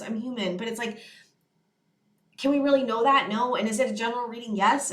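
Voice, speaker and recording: A young woman talks through a tarot reading in an earnest, rambling way, leaning on fillers as she speaks to her viewers. Her voice sits a little high, and the room around her is echoey. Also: fairly bright tone. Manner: earnest, rambling, many fillers like "you know" and "it's like". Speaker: tarot reader. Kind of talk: casual channeled tarot reading to camera.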